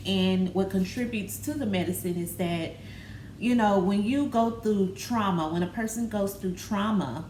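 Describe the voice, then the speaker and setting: A woman talking candidly in a personal vlog, halting and open, with many fillers. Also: medium pitch. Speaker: vlogger. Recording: roomy with faint background noise.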